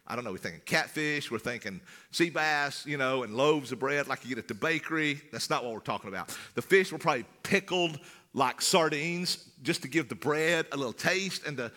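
A middle-aged male pastor preaching in a conversational style, repeating words and swinging from loud to hushed. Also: fairly high pitch. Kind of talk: sermon.

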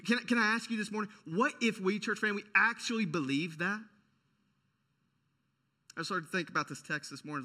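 High, bright-voiced energetic preacher man. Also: fairly quick, long pauses. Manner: energetic, conversational preaching with many restarts. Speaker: pastor. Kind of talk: sermon.

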